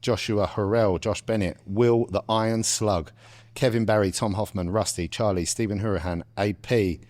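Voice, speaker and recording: A young man, co-hosting a casual podcast and swearing freely in quick banter. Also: fairly low pitch, steady tone, a little mellow. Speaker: podcast co-host.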